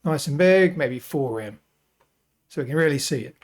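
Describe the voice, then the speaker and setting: A man hosting a software tutorial, talking casually and thinking aloud as he works through each step. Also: on the high side, animated, moderate pace. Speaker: web design tutorial host. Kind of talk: screen-recorded software tutorial.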